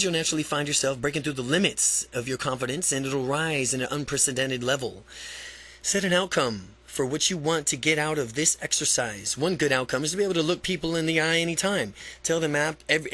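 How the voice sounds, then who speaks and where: A man's voice: a little high, sharp tone. Man reading a self-help book, stumbling. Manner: stumbling, repeats and restarts phrases. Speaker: audiobook reader.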